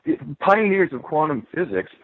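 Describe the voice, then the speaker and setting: A man's voice: on the high side, very animated, moderate pace, slight background noise. A man, an author speaking as an interview guest, rambling with frequent restarts and repeated words. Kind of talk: conversational interview monologue. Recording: tinny phone-line audio.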